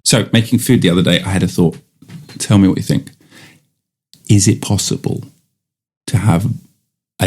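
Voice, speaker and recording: A man's voice: low voice, a little mellow. A man, improvising a rambling, silly comic monologue as a podcast host. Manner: rambling, silly, switches into funny voices.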